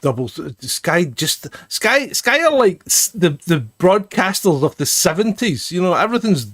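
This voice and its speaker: A man's voice: sits high, sing-song, normal speed, fairly bright tone, no echo, clean studio sound. A man co-hosting an irreverent live commentary, sarcastic and ranting, laughing often.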